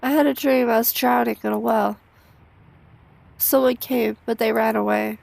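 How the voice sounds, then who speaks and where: A woman's voice: fairly high pitch, fairly even intonation, moderate pace, creaky, no echo. A woman reading as a frightened young composer. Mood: haunted. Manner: hushed, fearful and pleading. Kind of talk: game dialogue read aloud.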